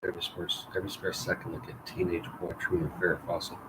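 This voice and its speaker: A man's voice: low voice, flat delivery, fast. A man reading and editing his own story aloud live, wry, profane and self-mocking. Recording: loud background noise.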